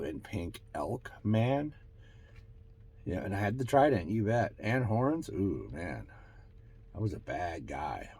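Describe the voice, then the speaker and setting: A man hosting his own show, musing aloud in a rambling, self-mocking way, trailing off and restarting as he relays channeled messages. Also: slightly rough. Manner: pitch and loudness swing widely, from bright bursts to low mutters. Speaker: host. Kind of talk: casual spiritual channeling monologue.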